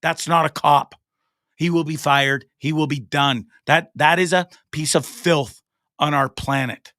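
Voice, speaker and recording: A man's voice: a little high, steady tone, a little slow, sharp tone, no echo, clean studio sound. A Canadian man in his forties hosting a show, delivering an angry, profane, repetitive rant, stammering as he gets fired up. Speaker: host. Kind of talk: impassioned solo rant. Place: studio.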